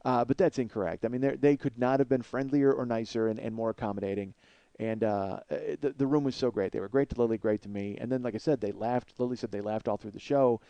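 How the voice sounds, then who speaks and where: Guy in his 40s hosting a podcast, talks fast, dry close sound, rambles and swears a lot. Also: mid-range voice, fairly even intonation, warm tone, clear, resonant tone, no room sound, dull audio. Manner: rambling, self-deprecating, swears often. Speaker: podcast host. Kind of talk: casual comedic monologue.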